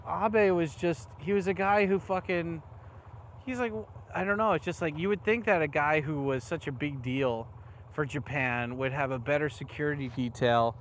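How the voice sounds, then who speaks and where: A man's voice: fairly high pitch, normal speed, a bit bright. A man on a motovlog, riding through city streets at night and talking in a rambling, angry way with plenty of swearing. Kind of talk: casual riding vlog rant. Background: faint traffic noise.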